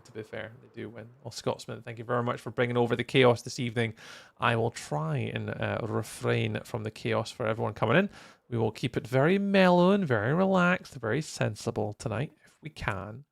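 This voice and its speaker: A tired man chatting on a casual live stream, rambling along and greeting viewers by name. His voice is heavily gravelly with lots of vocal fry, and the sound is close and completely dry. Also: mid-range voice, no echo. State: tired, yawning. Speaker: livestreamer and server host. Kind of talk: casual live-stream chat while building in a game.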